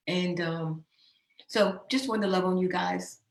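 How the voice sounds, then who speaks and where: A woman's voice: lowish voice, fairly even intonation, takes it slowly. Woman in her fifties, impassioned and emotional host address, echoey room. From New Jersey, USA. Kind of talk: heartfelt personal address. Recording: roomy echo.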